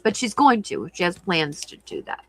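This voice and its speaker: A woman's voice: fairly low pitch, huge pitch swings, moderate pace, poor audio. A middle-aged woman hosting a crafting livestream, chatting casually and giggling while reading viewer comments.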